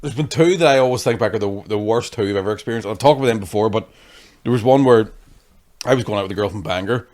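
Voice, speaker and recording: A man's voice: lowish voice, fast. A young man chatting on a podcast, swearing freely and acting out people in his stories. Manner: swears constantly, acts out hecklers in animated storytelling. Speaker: comedian guest. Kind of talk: casual podcast chat.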